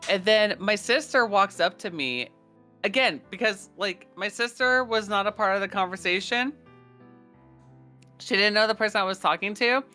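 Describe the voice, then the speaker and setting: A young man co-hosting a podcast, telling animated, profane stories in casual chat. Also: moderate pace, faint music behind. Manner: animated, swearing, acts out quoted people in a higher voice. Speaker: podcast co-host.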